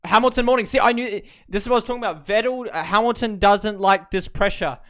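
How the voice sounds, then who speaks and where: A young man hosting a race review, reacting live and swearing often, with sudden shouted outbursts. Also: high-pitched, a little fast, smooth. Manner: excitable, swears often, bursts into shouting at the broadcast. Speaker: host reviewing races.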